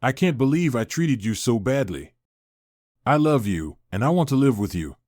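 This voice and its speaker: A man's voice: medium pitch, very animated, normal speed, a little mellow, no echo, studio quality, natural voice. A man voicing a tearful, apologetic young wife in a first-person story reading, barely changing his own voice. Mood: contrite. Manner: pleading, contrite.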